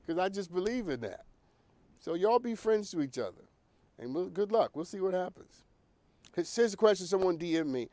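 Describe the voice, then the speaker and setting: Animated man giving preachy advice. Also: high voice, fairly quick, dry recording. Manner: preachy, animated, talks straight to the viewer. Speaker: advice show host. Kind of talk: direct-to-camera advice talk.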